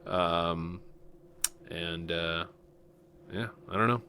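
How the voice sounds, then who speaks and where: A man's voice: low voice, extremely slow, pushed and bright, clear, resonant tone. A man from Nebraska hosting a podcast in casual chat, rambling with lots of fillers and chuckles. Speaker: podcast host.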